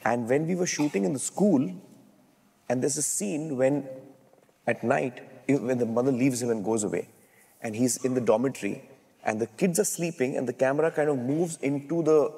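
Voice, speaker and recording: Husky-voiced man, fifties, animated storyteller, reverberant hall recording. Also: mid-range voice. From India. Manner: animated, acts out dialogue while telling stories. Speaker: guest filmmaker. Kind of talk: storytelling in an interview.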